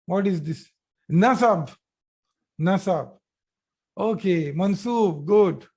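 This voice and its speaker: A man's voice: sits high, takes it slowly, a little mellow, husky. A man teaching a grammar class online, repeating each phrase and praising students' answers. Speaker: Arabic teacher.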